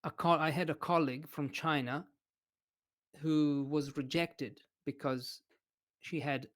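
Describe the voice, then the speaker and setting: Slow-speaking man. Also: fairly high pitch, steady tone, fairly bright tone. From Italy. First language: Italian. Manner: thoughtful, hesitant, with many fillers. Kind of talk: casual interview chat.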